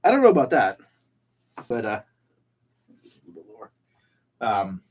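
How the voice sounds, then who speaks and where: A man's voice: medium pitch, wildly swooping pitch, darkish tone, husky. A man from Texas with no drawl, co-hosting a casual beer chat in a rambling way with lots of fillers. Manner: rapid, rambling with many fillers. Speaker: co-host.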